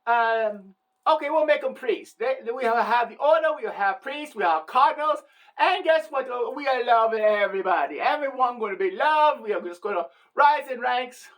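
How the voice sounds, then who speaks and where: A woman putting on a deliberately bad Italian accent to voice pompous male church elders in old Rome, laying down church rules. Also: a little high, expressive, distant mic, natural voice, poor audio. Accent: Italian, put on badly.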